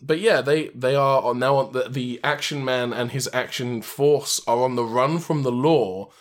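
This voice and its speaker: A man's voice: medium pitch, moderate pace. A man co-hosting a podcast, recapping in a casual comedic chat with rambling restarts and joking asides. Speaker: podcast co-host.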